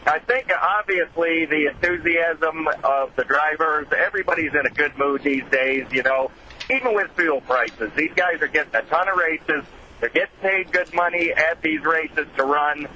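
A man calling in to a radio show from a racing series, giving a brisk, upbeat rundown of dates and events. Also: a little high, bright, forceful tone, a little hiss or hum, low-quality recording. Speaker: caller, racing series official. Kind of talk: call-in update.

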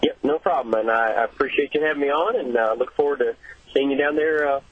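A man's voice: medium pitch, fast talker, husky, dry recording. A man who drives race cars, calling in for a phone interview and explaining things in an easygoing, laid-back way. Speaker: race car driver guest. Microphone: telephone. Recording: tinny dry phone line.

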